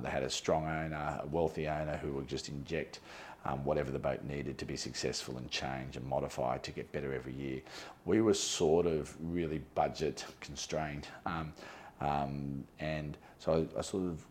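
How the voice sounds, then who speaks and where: A middle-aged man with a very low voice recounts events as an interview guest. He tells the story in an animated way, often pausing on fillers and restarting his sentences. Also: slight background noise. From Australia.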